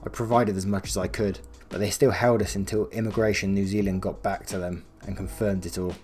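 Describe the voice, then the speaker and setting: A man's voice: deep voice, flat delivery, a little fast, a little mellow, soft background music. A man narrating an online story expressively, with chatty asides to his viewers. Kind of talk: online story reading and casual commentary.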